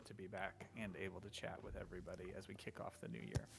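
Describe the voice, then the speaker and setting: A man's voice: sits low, little pitch movement, quick pace, gravelly, background noise. A man co-hosting a livestream, playful and jokey in casual chat. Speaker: co-host.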